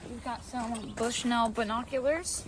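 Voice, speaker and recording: A woman's voice: fairly high pitch, fairly even intonation, a little slow, background noise. A young woman with a Southern US accent hosting a casual outdoor vlog by a lake, chatty and rambling with lots of fillers. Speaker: vlog host. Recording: loud music underneath.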